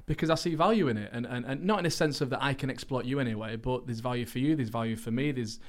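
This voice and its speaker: A man's voice: medium pitch, fast. A man talking as a podcast guest in a casual interview, earnest and rambling, often restarting his sentences. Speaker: podcast guest, actor and racing driver.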